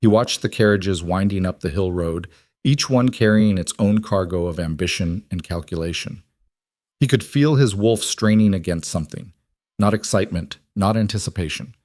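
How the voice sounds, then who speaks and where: A man narrating a scripted fantasy story in a steady, measured way. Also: low-pitched, no room sound, clean studio sound.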